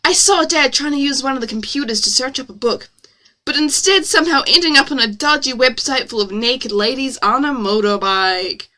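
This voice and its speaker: A young woman with a New Zealand accent, a streamer reading her own novel aloud with expressive, self-mocking asides. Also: high voice, moderate pace. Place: home room.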